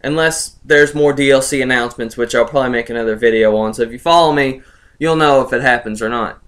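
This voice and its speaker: A man's voice: mid-range voice, fast, a bit bright. A young man ranting sarcastically about a video game, gloating and laughing in disbelief as he talks to his viewers. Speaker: gaming vlogger.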